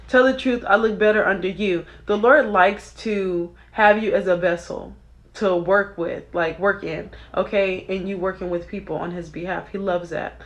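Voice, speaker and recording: Young woman, chatty video-creator type, casual faith talk, mid-pitched voice, excitable. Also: a little hiss or hum. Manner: chatty, excitable, often asks "okay?". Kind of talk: casual spiritual commentary on song lyrics.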